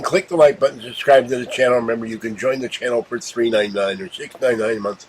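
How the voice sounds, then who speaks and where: A man's voice: medium pitch, steady tone, fast talker, few pauses, slight background noise, low-quality recording. A man from Pittsburgh hosting a casual unboxing vlog, talking to the camera in a rambling, meandering way. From Pittsburgh, USA. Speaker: channel host.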